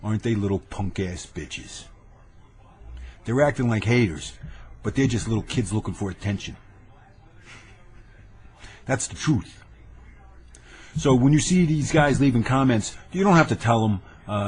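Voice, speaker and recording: A man's voice: mid-range voice, normal speed, pauses often, darkish tone. A man venting angrily into his webcam, combative and boastful, hammering his points with repeated phrases. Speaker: vlogger ranting to camera. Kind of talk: angry webcam rant. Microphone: webcam mic.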